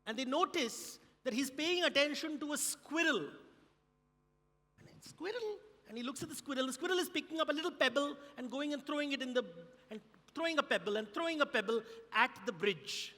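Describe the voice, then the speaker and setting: High, bright Indian man telling a story. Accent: Indian English. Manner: animated storyteller with drawn-out emphasis. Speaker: conference speaker. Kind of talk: storytelling keynote. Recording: long reverb of a large hall.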